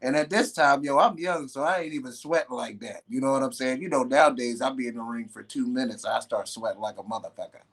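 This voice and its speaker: Husky guest man, casual storyteller, slangy and profane, mid pitch. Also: fast talker, hardly any pauses. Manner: animated, slangy storyteller who swears often. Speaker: guest, professional wrestler.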